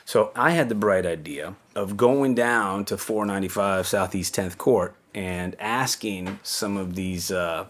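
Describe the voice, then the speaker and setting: An older man casually telling a story from his own past, rambling a little, with fillers and restarts. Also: on the low side. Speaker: interviewee recalling his music-business career.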